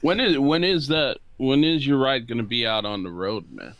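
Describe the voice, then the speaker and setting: A man co-hosting a casual podcast over a video call, talking in a laid-back, measured way. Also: medium pitch, a bit bright, no echo, dull audio. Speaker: podcast co-host.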